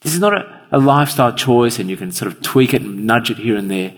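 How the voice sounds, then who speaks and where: A man's voice: mid-range voice, lively intonation, quick pace, husky. A man preaching an evening sermon in a church, earnestly putting questions straight to his listeners. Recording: long reverb of a large hall.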